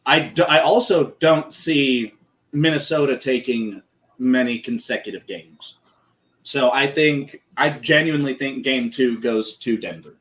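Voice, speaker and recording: A man in a casual sports podcast chat, mid-pitched and animated. He talks like a loose, excited fan, swearing freely as he riffs on the game. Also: measured pace. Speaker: podcast co-host.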